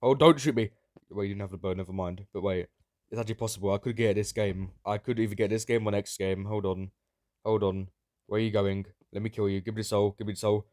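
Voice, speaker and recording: A man with a fairly low voice commenting on a game as he plays, excitable and sarcastic, prone to sudden yelps. The sound is dry and close, with no room around it. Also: fast talker, no room sound. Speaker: Minecraft YouTuber. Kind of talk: gameplay commentary.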